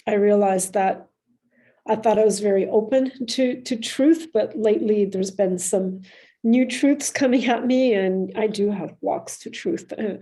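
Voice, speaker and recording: Female group member, slow and halting, gravelly husky voice. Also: medium pitch, dark tone, poor audio. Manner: hesitant, halting, sharing personal reflections. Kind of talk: casual group discussion.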